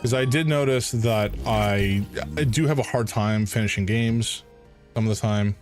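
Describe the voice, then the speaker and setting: Streamer guy, lowish voice, casual rambling chat over a game. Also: moderate pace, soft background music. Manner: rambling, hesitant, with many fillers.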